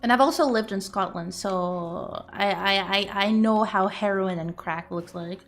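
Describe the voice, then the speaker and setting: A woman's voice: medium pitch, measured pace. A young woman streaming, chatting casually and rambling with giggles and loose swearing. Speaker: streamer and artist.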